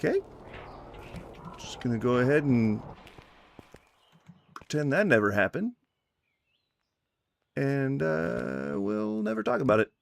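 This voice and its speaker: A man giving casual commentary while playing a game, muttering to himself with sarcastic, mock-formal complaints and sudden loud outbursts. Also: mid-range voice, sing-song, takes it slowly, gravelly, pauses often. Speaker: gaming streamer.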